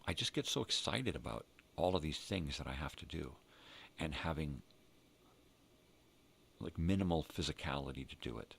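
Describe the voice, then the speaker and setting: Older man, very low voice, gravelly fry, rambling and profane, vlog host. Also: lively intonation, normal speed, long pauses, a bit bright, a little hiss or hum. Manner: rambling, profane, talks to himself.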